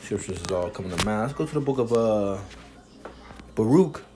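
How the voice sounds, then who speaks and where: Deep-voiced emphatic preacher man. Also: expressive. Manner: emphatic, punctuates with "you see?"; reads verses slowly, then explains. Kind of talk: scripture-reading sermon.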